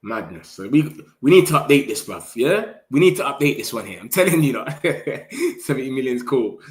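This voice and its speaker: A young man hosting a casual live stream, chatting excitedly and in slang straight to his viewers. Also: medium pitch, normal speed. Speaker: football livestream host.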